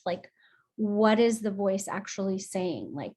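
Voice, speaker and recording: Slow, gentle woman guiding a group. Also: medium pitch. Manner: gentle, affectionate, encouraging. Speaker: group session facilitator. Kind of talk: guided emotional release session. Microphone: video call.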